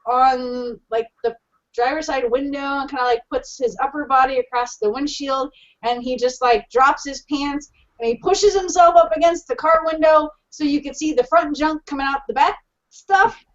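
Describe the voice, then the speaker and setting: A woman co-hosting a casual podcast tells a crude story, animated and quick to laugh. Her voice sits high, and the recording sounds dull and lo-fi. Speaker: podcast co-host.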